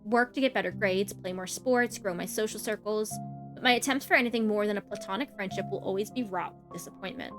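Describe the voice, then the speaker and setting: A jealous, brooding young woman, read aloud by a woman streamer, quiet and intense in a visual-novel story. Her mid-pitched voice stays low-key and inward, turning over her resentment. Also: quick pace, music in the background, lightly acted.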